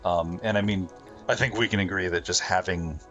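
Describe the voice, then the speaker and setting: A man's voice: sits low, normal speed, a bit bright, lo-fi sound, faint music behind. A man describing his character in a tabletop role-playing game, hesitant and rambling with many fillers. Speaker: player.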